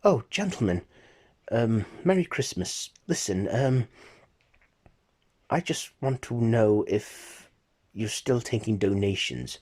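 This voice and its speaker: A man's voice: fairly low pitch, animated, takes it slowly, long pauses, darkish tone, pitched above the performer's own voice. A man voicing a reformed older woman miser, raising his voice to play her eager, hesitant apologies and generous offers. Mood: earnest.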